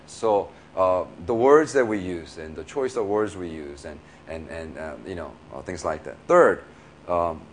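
Animated, conversational male preacher. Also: lowish voice, slight background noise. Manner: animated and conversational, laughing often, many fillers. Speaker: pastor. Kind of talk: sermon.

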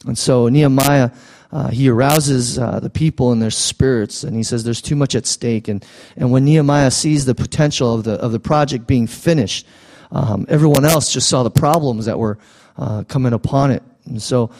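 A man preaching a sermon as pastor in a conversational, halting way. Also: mid-range voice, a little mellow.

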